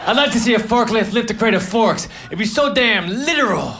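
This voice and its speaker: A man doing a live stand-up routine, delivering short one-liners in a deadpan manner. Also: high voice, a little fast, gravelly, hardly any pauses. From United States. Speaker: stand-up comedian. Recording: noisy live recording. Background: audience laughter.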